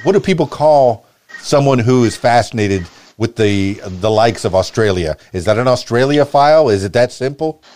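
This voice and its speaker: Hosting a relaxed podcast interview, a man from Miami, Florida, speaks animatedly at a moderate pace in a mid-range, darkish voice, with no room sound. Though his accent is neutral American broadcaster, he stammers and restarts often.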